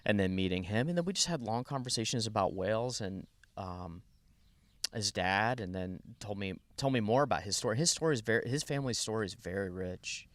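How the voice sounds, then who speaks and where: A man appearing as a podcast guest, telling a long story in a rambling, animated way with many restarts. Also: fairly low pitch, a little fast, no echo. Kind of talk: casual storytelling.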